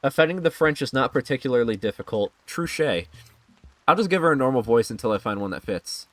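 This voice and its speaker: A man's voice: mid-range voice, animated, a little fast, fairly bright tone, dry recording. A man streaming a video game, chatting casually with his audience and laughing at his own jokes. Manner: chatty, laughing, jokey asides to chat. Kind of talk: casual gaming stream chat.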